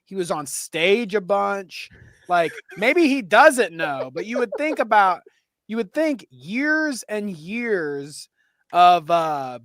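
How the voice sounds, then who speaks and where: Slow-paced male co-host, laughs between lines, casual and unpolished. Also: high voice, fairly bright tone, no echo. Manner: laughs often, drawling. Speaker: podcast co-host. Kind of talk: casual chat.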